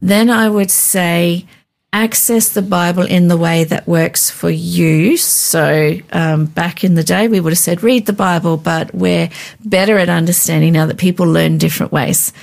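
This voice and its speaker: A woman's voice: on the low side, steady tone, measured pace, vocal fry. A woman co-hosting a devotional chat, earnestly explaining practical ways to read the Bible and pray. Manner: earnest, practical, gently instructive. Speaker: co-host teaching Bible reading. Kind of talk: casual devotional teaching chat.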